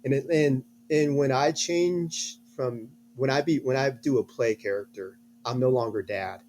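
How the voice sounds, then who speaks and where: A middle-aged man with a slightly hoarse voice, a guest telling a story earnestly in an interview, restarting his phrases as he goes. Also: medium pitch, a little slow, a little mellow, slight background noise. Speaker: guest, a father.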